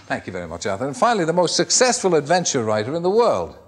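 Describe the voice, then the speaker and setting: An Irish man hosts a TV chat show, and his pitch rises and falls a great deal as he talks. He fires off teasing, playful questions and likes to add his own wry asides. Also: wildly swooping pitch, fast. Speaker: talk show host.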